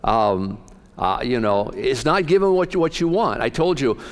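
A man's voice: mid-range voice, animated, normal speed. Folksy joking male pastor. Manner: folksy, joking, conversational storytelling. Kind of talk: sermon.

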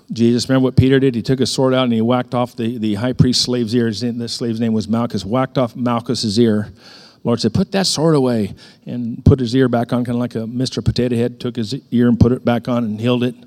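A man's voice: mid-range voice, flat delivery, fairly quick, darkish tone. A middle-aged male pastor preaching a sermon in a conversational storytelling way, with sudden emphatic rises in his voice.

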